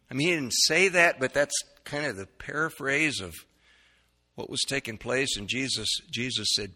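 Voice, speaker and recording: A man preaching a sermon, folksy and animated, moving between loud, high exclamations and soft, low asides. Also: moderate pace. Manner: folksy, repeats words, chuckles often. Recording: long reverb of a church hall.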